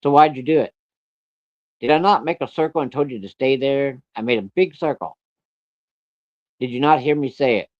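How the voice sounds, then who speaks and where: Man doing hot-headed farmer dad, yelling fast, swearing; dry, lo-fi. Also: on the low side, dry recording, lightly acted. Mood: scolding. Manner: yelling, rapid, cursing. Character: furious hot-headed farmer father scolding his son. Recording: dry, dull lo-fi recording.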